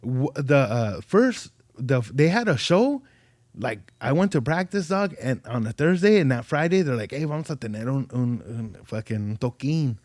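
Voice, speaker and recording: Podcast guest, male, higher-pitched: loose profane storyteller who acts out quotes. Dry, close sound. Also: very animated, normal speed, darkish tone, no room sound. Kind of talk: casual storytelling chat.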